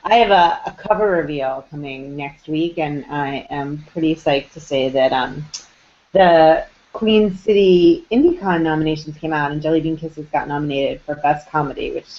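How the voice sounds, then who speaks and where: A woman's voice: deep voice, normal speed, darkish tone. Bubbly woman hosting a web chat. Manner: bubbly, upbeat, laughs easily. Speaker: host. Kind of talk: casual chat on a live web show. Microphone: video call. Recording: dull lo-fi web call audio.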